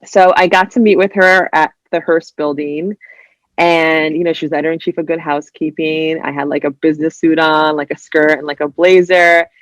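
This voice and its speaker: A woman from New Jersey, a writer guesting on a podcast, telling stories in a casual, animated way, full of "like" and "you know," and acting out other people's voices. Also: low-pitched, moderate pace, dry recording. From New Jersey, USA. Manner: heavy use of "like" and "you know". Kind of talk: casual interview storytelling.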